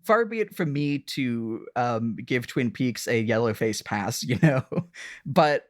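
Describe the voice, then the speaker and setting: A woman co-hosting a podcast, recapping a TV episode in casual chat, animated, laughing often and swearing between many fillers. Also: a bass voice, unhurried, dry recording, clean studio sound. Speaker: podcast co-host.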